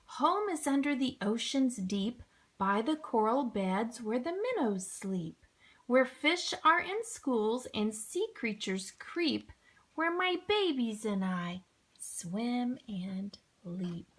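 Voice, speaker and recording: A woman voicing a mighty, gentle mother blue whale who speaks slowly and kindly in rhyme. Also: on the high side, big pitch swings, heavily acted. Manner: slow, kindly, lilting rhyme.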